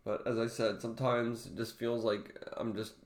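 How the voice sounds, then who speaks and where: A man speaking in an emotional personal vlog, halting and close to tears, often restarting his sentences. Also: mid-range voice, little pitch movement, echoey room. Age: adult father. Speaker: vlogger.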